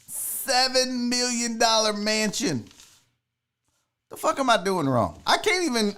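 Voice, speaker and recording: A man hosting a live sports and entertainment stream, ranting casually to his chat with lots of swearing. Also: high voice. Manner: profane, animated, talks to chat viewers. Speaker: podcast host.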